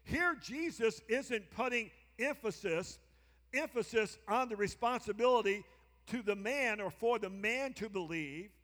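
A man with a strikingly high voice preaches a sermon to his congregation. He repeats key lines for emphasis and keeps calling on listeners to turn and respond. The sound carries a long hall reverb from the church sanctuary. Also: expressive, unhurried, a bit bright. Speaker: pastor.

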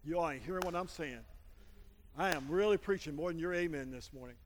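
A man's voice: fairly high pitch, a little fast, a little hiss or hum. A male pastor preaching a sermon, telling a story and calling for amens from the congregation. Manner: storytelling preacher, calls for amens, builds to loud praise. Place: church sanctuary. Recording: long reverb in a church hall with music.

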